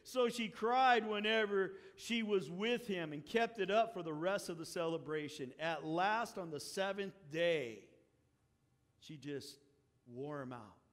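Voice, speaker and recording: A man's voice: high-pitched, a little slow, in a large hall. A man preaching a sermon, retelling a story with acted-out quotes and wry asides.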